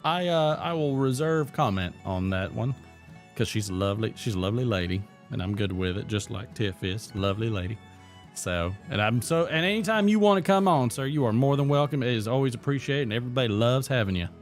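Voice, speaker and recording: A man hosting a comic livestream chat, joking along with a playful, deadpan way of telling tall tales. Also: medium pitch, brisk, soft background music. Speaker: host.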